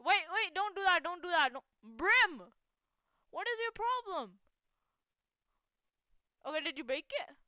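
A woman giving casual live gameplay commentary as a gaming channel host. She is excitable, laughs often and teases a teammate. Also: very high-pitched, a little slow, long pauses, no echo.

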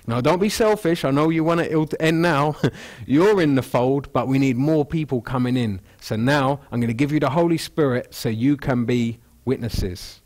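A man's voice: mid-range voice, moderate pace, hardly any pauses, darkish tone. A man preaching an expository sermon in a church, talking casually and acting out people's thoughts in quotes, on a wireless mic through the speakers. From England. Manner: conversational, acts out quoted thoughts. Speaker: pastor. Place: church hall.

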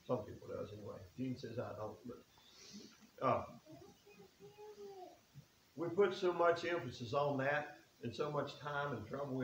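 A man preaching a sermon in a church, folksy and earnest, reading scripture aloud. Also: medium pitch. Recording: echoey room with faint hiss.

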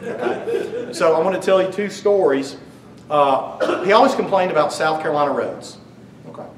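A man in middle age speaks at his father's memorial, his fairly high voice carried through an echoing hall. He jokes with the gathered crowd as he tells family stories. The mic sits some distance away, with a faint hum underneath. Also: lively intonation, moderate pace. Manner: warm storytelling, joking with the crowd. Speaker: son giving a eulogy. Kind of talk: eulogy speech with humorous stories.

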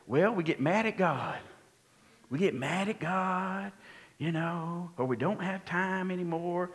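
A man preaching a sermon, animated and often asking his congregation questions. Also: sits high, measured pace. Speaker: pastor.

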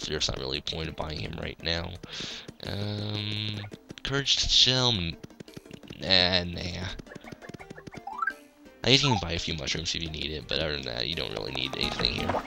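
Low creaky-voiced man with game music. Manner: hesitant, many fillers and restarts. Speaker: let's play commentator. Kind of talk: casual game commentary reading dialogue aloud.

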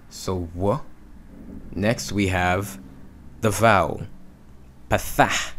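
Slow, low-voiced man teaching Hebrew reading. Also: a bit bright, slight background noise. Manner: patient, sounds out letters and syllables slowly. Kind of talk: instructional walkthrough.

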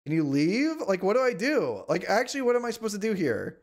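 A man streaming a strategy game, complaining in exasperated, whiny outbursts and sometimes shouting at the screen. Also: sits high, very animated, fast. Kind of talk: live gameplay commentary.

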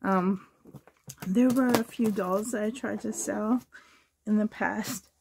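A woman's voice: medium pitch, fairly even intonation, takes it slowly, creaky, background noise. A woman from Canada chatting through a doll unboxing in a gushing, effusive way, laughing often, with a slight cough and tears. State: coughing, teary. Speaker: reborn doll collector vlogger. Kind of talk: unboxing vlog chat.

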